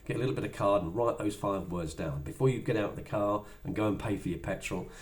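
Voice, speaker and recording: A man's voice: on the low side, fast. A middle-aged man giving a motivational sales talk in a chatty way, acting out little dialogues as he goes. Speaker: business trainer.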